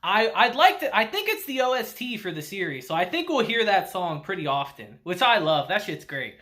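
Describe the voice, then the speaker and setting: Lively, bright-voiced anime reviewer man. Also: high-pitched, normal speed. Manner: animated, laughs often, swears casually, acts out quotes. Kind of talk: casual video review.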